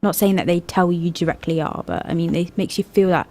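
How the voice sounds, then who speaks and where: A young woman co-hosts a casual youth radio discussion into a studio microphone, rambling and hesitant and laughing often. Her voice sits on the low side, mellow and fairly even in intonation, and a little fast.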